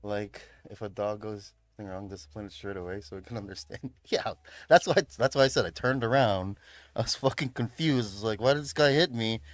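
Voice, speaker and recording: His voice sits on the low side and moves at a brisk clip, captured in a dry recording with soft music underneath. He's a young Chicago-area man casually narrating a story on a livestream, full of profanity, frequent laughter and plenty of "bro" and "man."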